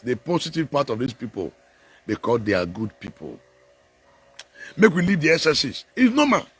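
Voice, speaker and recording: Animated Nigerian Pidgin-speaking man. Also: mid-range voice, slightly rough. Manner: animated, laughing, preachy, mixing Pidgin and English. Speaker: political commentator. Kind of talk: casual live chat.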